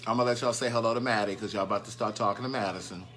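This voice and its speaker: A man's voice: on the low side, fairly even intonation, rapid-fire, fairly bright tone, faint music behind. A man hosting a casual live stream, chatting and greeting viewers by name, and easily sidetracked.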